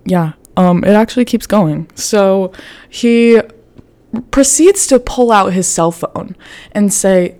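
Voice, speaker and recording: A young woman vlogger telling a story casually, animated and profane, often laughing as she talks. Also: medium pitch, slow.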